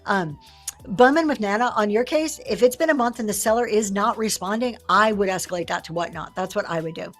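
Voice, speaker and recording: A woman hosting a livestream, teaching sellers in a lively way and acting out the lines she quotes. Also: medium pitch, brisk, faint music behind. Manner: lively, acts out quoted sales talk. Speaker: live-selling host.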